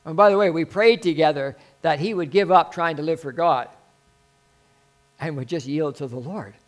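High-voiced pastor preaching earnestly. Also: male voice, moderate pace. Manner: earnest, conversational preaching with sudden emphatic rises. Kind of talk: sermon.

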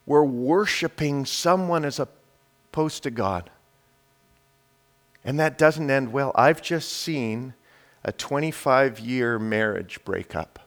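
A male preacher delivers a sermon, speaking straight to the congregation with rhetorical questions. His delivery swings between forceful, raised declarations and soft, hushed phrases. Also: mid-range voice, lively intonation, slow, long pauses. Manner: emphatic, shifts between loud declarations and quiet hushed lines.

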